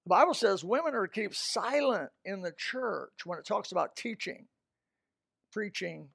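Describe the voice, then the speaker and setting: A man preaching a sermon in an emphatic style, swinging between loud outbursts and quiet, low asides. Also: lively intonation, moderate pace, gravelly, husky, no echo, clean studio sound.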